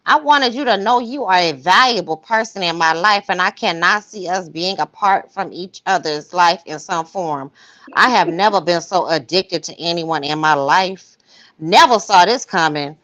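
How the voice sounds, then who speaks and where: A woman's voice: on the low side, normal speed, fairly bright tone, dull audio, lightly acted. A woman voicing an infatuated woman's love texts in an exaggerated, mocking sing-song. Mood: gushing.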